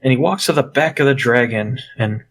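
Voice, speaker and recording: In casual chat, a young podcast co-host tells a story with lively energy and plenty of swearing. His voice sits in the mid range, and he talks fairly quickly.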